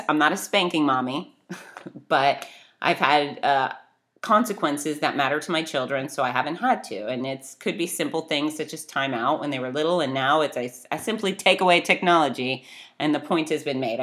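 A woman's voice: deep voice, normal speed, a bit bright. A middle-aged woman giving an emphatic, blunt motivational talk that urges listeners to act. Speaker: motivational speaker.

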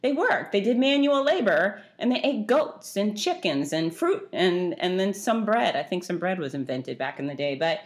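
A woman's voice: medium pitch, very animated, normal speed, few pauses. A middle-aged woman hosting her own podcast, talking chattily and bluntly, ranting with feeling. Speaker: podcast host. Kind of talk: casual solo podcast monologue.

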